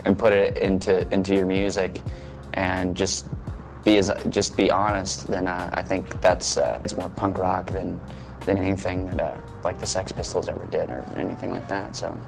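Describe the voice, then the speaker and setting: Low-voiced hesitant male musician. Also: little pitch movement, normal speed, gravelly, music in the background, low-quality recording. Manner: hesitant, full of fillers. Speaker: interviewed musician. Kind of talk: casual interview answers.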